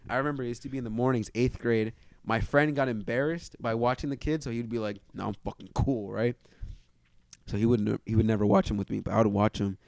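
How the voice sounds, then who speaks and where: A man's voice: medium pitch, fast talker, gravelly, no echo. A man co-hosting a podcast, telling school stories in laid-back slangy casual chat. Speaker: podcast co-host.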